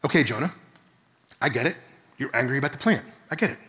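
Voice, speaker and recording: A man's voice: medium pitch, lively intonation, fast talker, a bit bright, voice pushed down, natural voice. A man voicing God as a patient, pleading figure in a sermon retelling, pressing his point with repeated questions and calling the listener by name. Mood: gentle, patient. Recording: long reverb of a large hall.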